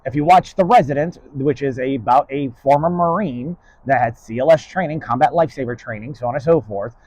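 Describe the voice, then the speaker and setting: A man's voice: medium pitch, brisk, darkish tone, no room sound, poor audio. A man giving a rambling spoken lesson in a stern, blunt and profane way. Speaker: lecturer.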